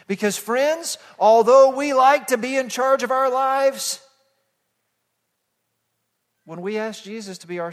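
A man preaching an expository sermon as pastor, moving from hushed passages to loud emphatic calls that the congregation repeats. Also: high-pitched. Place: church sanctuary. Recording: long hall reverb.

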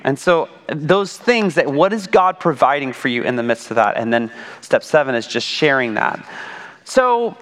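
A man's voice: medium pitch, lively intonation, normal speed, fairly bright tone. A man giving a conversational sermon as pastor, full of asides and rhetorical questions. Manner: rhetorical asides, frequent "right?". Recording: long reverb of a large hall.

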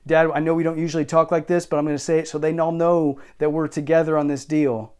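A man voicing a bold, affectionate divine figure in a casual, animated paraphrase within a sermon. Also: on the high side, fast, clear, resonant tone, pitched above the performer's own voice, close to an everyday voice.

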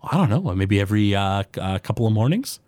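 A man's voice: on the low side, sing-song, quick pace, darkish tone, no echo. A man voicing a cheerful female forest gnome baker who chats and hesitates. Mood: friendly. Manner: chatty, hesitant, gossipy.

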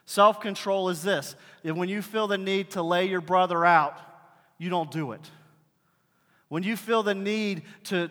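A male pastor preaching a sermon in a high, bright voice. He talks in a conversational, animated way and acts out bits of dialogue. The sound rings with the long reverb of a big hall. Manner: animated storytelling, acting out dialogue.

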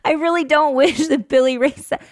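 A woman hosting a casual chat podcast, bubbly and quick to laugh as she reads out social media posts. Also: sits high, no room sound, clean studio sound. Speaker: podcast host.

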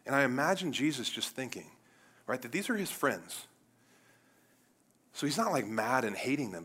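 A man from Cleveland preaching a sermon in a casual, animated way, moving between loud bursts and quiet asides. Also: mid-range voice, normal speed, long pauses, husky. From Cleveland, United States. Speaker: pastor.

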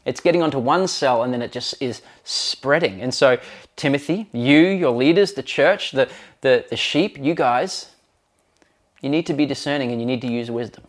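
A man delivers a sermon in an earnest, conversational way, with the occasional "uh" and "um" between points. His voice sits at an ordinary middle pitch for a man. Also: moderate pace. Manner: earnest, conversational preaching with fillers. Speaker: pastor.

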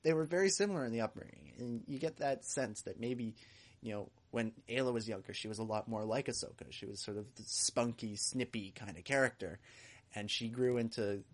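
A man's voice: medium pitch, brisk. A man co-hosting a podcast in casual chat, chatty and joking, with a lot of "you know". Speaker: podcast co-host.

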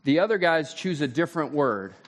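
A man preaching a sermon in a conversational way, his voice climbing when he gets excited. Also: on the high side, fairly quick. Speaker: pastor.

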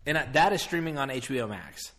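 Man, podcast host, middle pitch, brief easygoing replies. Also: lively intonation, quick pace, pushed and bright. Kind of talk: casual chat.

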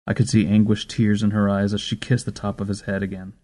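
A man narrating a story in a measured, steady storytelling manner. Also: on the low side. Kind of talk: scripted audiobook narration.

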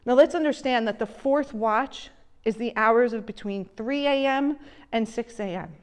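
A woman preaches a sermon at an unhurried pace, her voice sitting a little high. She speaks gently and lets her voice fall soft and low whenever she quotes someone. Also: smooth. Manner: slow, gentle delivery, drops soft and low when quoting.

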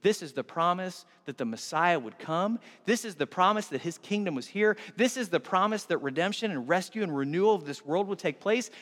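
A man preaching a sermon as pastor, telling the story with lively, animated acting-out of scenes. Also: sits high, long reverb tail.

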